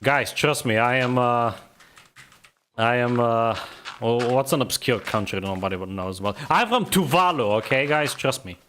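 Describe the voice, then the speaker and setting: Young guy w a vague eastern european accent streaming a game, bright tense voice, rambles and cracks jokes. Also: mid-range voice, steady tone, moderate pace, a little hiss or hum. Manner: rambling, joking, laughs often. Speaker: gaming streamer. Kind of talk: casual live gameplay commentary.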